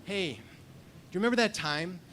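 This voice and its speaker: A man's voice: sits high, lively intonation, moderate pace, pushed and bright, a little hiss or hum, voice pushed up. A man doing his brash New York buddy. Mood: nostalgic. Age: 50s. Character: man's old best friend from high school, fifties.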